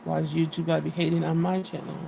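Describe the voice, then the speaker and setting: Woman host, casual live chat, gravelly, annoyed venting, faint hiss behind. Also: low voice, little pitch movement, fast talker, mellow. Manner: frustrated, venting, swearing. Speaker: livestream host.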